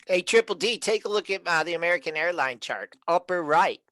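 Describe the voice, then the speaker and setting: A man with a slightly high voice walking listeners through chart levels, relaxed and full of little fillers. It sounds dry and close to the mic. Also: fairly quick, dry recording. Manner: relaxed, explains step by step with fillers. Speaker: co-host and trading chart guy. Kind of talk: casual market chat, trading tips.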